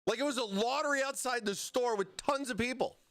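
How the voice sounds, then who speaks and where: A high-voiced American man hosts a relaxed live stream. He builds a computer as he talks and keeps stopping mid-thought to answer the chat, his speech loose and conversational. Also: a little fast. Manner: chatty, answers chat, self-interrupting. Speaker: livestream host building a PC.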